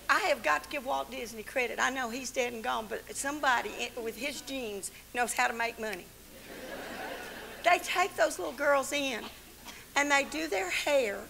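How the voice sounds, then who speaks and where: An older woman teaching the Bible to a women's church gathering in an animated, folksy sermon full of stories and laughs. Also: high voice, gravelly, a little hiss or hum. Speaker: Bible study teacher and speaker.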